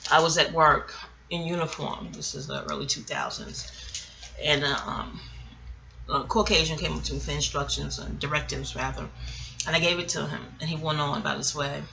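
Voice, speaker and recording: A woman's voice: low voice, steady tone, moderate pace, vocal fry, noisy background. A middle-aged woman from New York with a New York accent, telling a personal memoir story in a candid, rambling and profane way. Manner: candid, rambling, profane, chuckles as she talks. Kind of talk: casual storytelling to camera.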